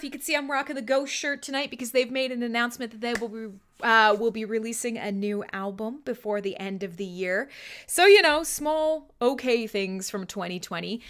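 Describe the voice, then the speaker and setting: A woman hosts a live-streamed show in loose, casual chat. She swears freely, jokes and laughs often. Her voice is bright, clear and crisp, pitched a little high. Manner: profane, joking and laughing often. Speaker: host.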